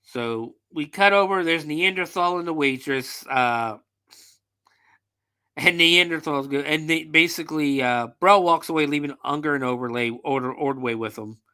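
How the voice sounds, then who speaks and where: Bright-voiced man recapping a movie. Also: fairly high pitch, normal speed, clear, resonant tone. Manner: profane, loose storytelling with fillers. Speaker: podcast host.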